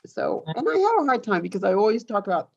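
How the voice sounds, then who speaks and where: A chatty woman co-host who rambles through everyday anecdotes and breaks into animated asides. Her voice sits at an ordinary pitch. The recording sounds dull and a little lo-fi. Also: fast talker, creaky. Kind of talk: casual chat.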